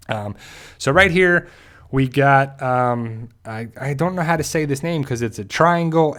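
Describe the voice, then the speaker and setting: A man's voice: medium pitch, fairly bright tone. Rambling man hosting a casual livestream. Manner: rambling, conversational, many restarts and asides. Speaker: host of a TV fan channel. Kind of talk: casual live-stream episode review.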